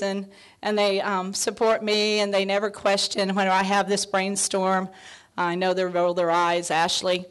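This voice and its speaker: A woman in her fifties giving a heartfelt, near-tearful award acceptance speech, full of thanks, fillers and soft laughs. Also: mid-range voice. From Texas. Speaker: award honoree.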